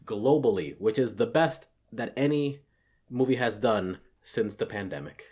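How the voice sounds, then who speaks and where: A man's voice: lowish voice, lively intonation, measured pace, a little mellow, husky. A man co-hosting a casual podcast, laid-back and laughing often, swearing now and then. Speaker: podcast co-host. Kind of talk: casual chat.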